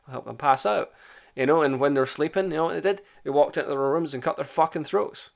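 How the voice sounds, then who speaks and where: A man talking history off the cuff, animated and blunt, with plenty of swearing. He keeps leaning on "you know" as he builds his points. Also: a little high, fast, vocal fry. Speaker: history channel host. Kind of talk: casual unscripted monologue.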